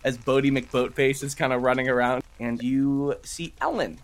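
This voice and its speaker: A man's voice: mid-range voice, fairly even intonation, normal speed. Casual male game master narrating. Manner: loose, casual narration with put-on character lines.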